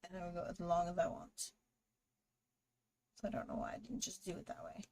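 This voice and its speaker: A woman's voice: on the low side, little pitch movement, brisk, vocal fry, darkish tone. A woman hosting a live drawing stream, chatting casually with viewers and greeting them while she draws. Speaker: livestream artist host.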